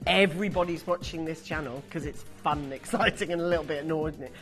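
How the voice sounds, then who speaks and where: A British woman presenting live shopping TV, chatty, excitable and self-mocking as she sells. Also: low-pitched, quick pace, soft background music. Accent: British English. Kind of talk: live TV selling. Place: TV studio.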